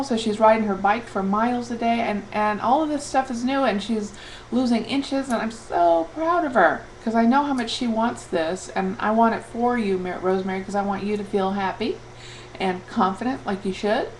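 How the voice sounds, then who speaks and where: A woman's voice: a little high, slight background noise, rough recording. Chatty upbeat woman vlogging. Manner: chatty, upbeat, rambling with many fillers. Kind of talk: casual vlog monologue.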